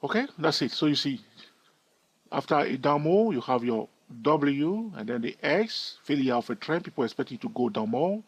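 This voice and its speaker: A man's voice: a little high, big pitch swings, normal speed, breathy edge. A man giving a screen-recorded chart tutorial in a chatty way, thinking aloud and asking his viewers questions. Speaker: trading educator.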